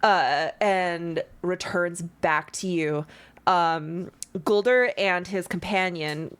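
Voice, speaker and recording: Slow-talking woman game master. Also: lowish voice. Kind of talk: narrating a tabletop game.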